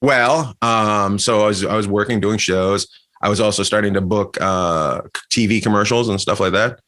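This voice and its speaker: A man from Canada, a comedian guest, telling animated anecdotes in a casual chat, laughing and restarting often. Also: fairly low pitch, moderate pace.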